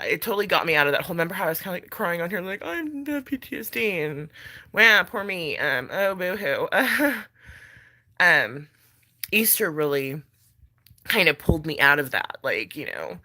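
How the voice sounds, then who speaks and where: A woman's voice: deep voice, sharp tone. A pregnant woman vlogging in casual chat, blunt and chatty, swearing freely and laughing between thoughts.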